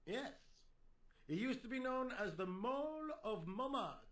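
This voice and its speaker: An actor playing a weary police sergeant in a video game, answering questions in a dry, matter-of-fact way. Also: male voice, very high voice, expressive, a little slow, a bit bright, heavily acted.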